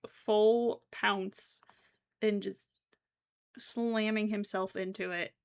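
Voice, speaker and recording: A woman's voice: medium pitch, vocal fry. A young woman chatting casually with her stream while crocheting, giggly and given to frequent exclamations.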